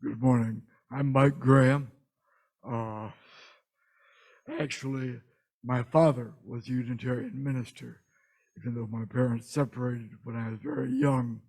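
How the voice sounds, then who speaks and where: A man's voice: medium pitch, level tone, a little slow, vocal fry, a little mellow, poor audio. A man giving a brief, sincere testimony at a church service. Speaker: church member. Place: church sanctuary.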